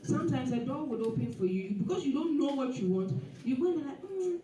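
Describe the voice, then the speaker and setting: A woman giving an animated, preachy motivational talk at a dinner event. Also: sits high, brisk. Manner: animated and preachy, with laughs and acted asides. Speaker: guest speaker. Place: event hall. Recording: echoey hall, speaker far from the mic.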